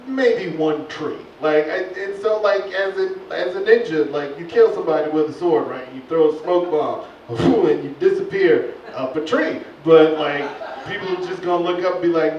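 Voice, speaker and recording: Brief: male stand-up comic, fairly high voice, recorded from afar in a roomy club, lo-fi, with laughter and noise behind. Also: normal speed. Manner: animated, voice jumping high for punchlines. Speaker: stand-up comedian. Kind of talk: stand-up comedy set. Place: comedy club stage. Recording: echoey club, far-off lo-fi recording.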